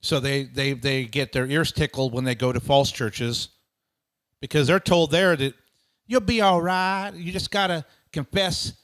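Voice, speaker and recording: A man's voice: medium pitch, unhurried, fairly bright tone. A man appearing as a guest preacher on a talk show, speaking in an earnest, plain-spoken way. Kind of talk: casual talk show discussion.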